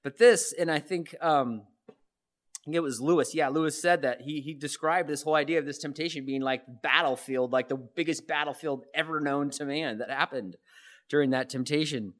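A man's voice: fairly high pitch, normal speed, a bit bright. A man preaching a sermon in a conversational way, often restarting phrases and asking rhetorical questions. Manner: conversational, repeats words and asks rhetorical questions. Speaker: pastor.

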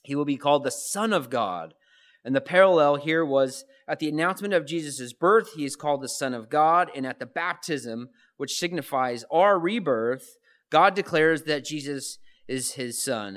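A man with a slightly higher voice preaches to his congregation. He talks in a loose, conversational way, restarting phrases and tossing out rhetorical questions. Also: fairly bright tone. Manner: conversational, repeats words and asks rhetorical questions. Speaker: pastor. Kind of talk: sermon.

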